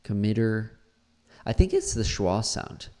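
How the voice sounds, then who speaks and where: A man's voice: lowish voice, very animated, a little slow, crowd noise. A man, an English teacher, critiquing a learner's pronunciation and repeating words aloud to model them.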